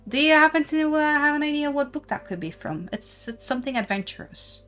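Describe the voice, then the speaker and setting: A woman's voice: sits high, expressive, brisk, a bit bright, soft background music. A woman streamer chatting casually who laughs often and sounds a little tired. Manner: giggly, reads passages aloud. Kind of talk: casual chat.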